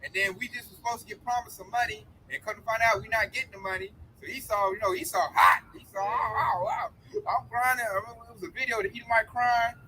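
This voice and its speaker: Casual: guy preaching outside by the road, really high bright voice, animated and cussing, faint traffic behind. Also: quick pace, few pauses, rough recording. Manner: animated storytelling with profanity. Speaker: street preacher. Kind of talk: casual chat. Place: outdoors by a road.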